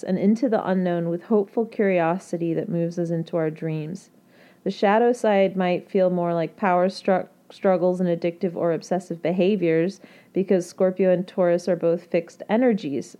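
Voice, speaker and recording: Mellow-voiced woman giving gentle astrology talk. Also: on the low side. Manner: gentle, reassuring, loose with fillers and restarts. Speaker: astrology podcast host. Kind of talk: casual spiritual talk to listeners.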